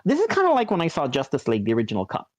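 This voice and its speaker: Rapid-fire and fairly high-pitched, this man's voice swings hugely in pitch as he co-hosts a podcast. He chats casually and rambles, piling up ums, likes and restarts, in a dry, dull, lo-fi recording.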